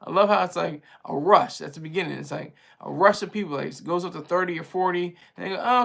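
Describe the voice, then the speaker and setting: A man with a somewhat high, gravelly voice hosts a casual livestream and talks straight to his viewers. He rambles in a chatty way and is quick to laugh. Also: a bit bright. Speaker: livestream host reading viewer chat.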